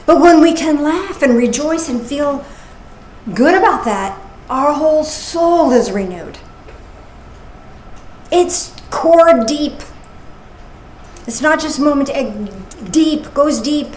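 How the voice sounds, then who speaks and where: A woman minister giving a casual, playful sermon with animated asides. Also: sits high, slow, long pauses. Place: church service. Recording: echoey room with faint noise.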